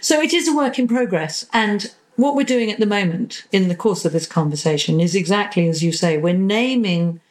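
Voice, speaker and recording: A woman therapist talking as a podcast guest, animated, acting out little voices in her examples. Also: mid-range voice, moderate pace, hardly any pauses, poor audio. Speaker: psychosexual and relationship therapist, guest. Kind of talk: conversational podcast interview.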